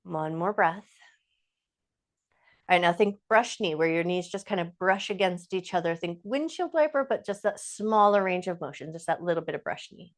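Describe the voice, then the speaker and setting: A woman teaching a yoga class, giving calm, encouraging movement cues with slow, drawn-out phrases. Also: fairly low pitch. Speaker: yoga instructor. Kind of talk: guided yoga class instruction.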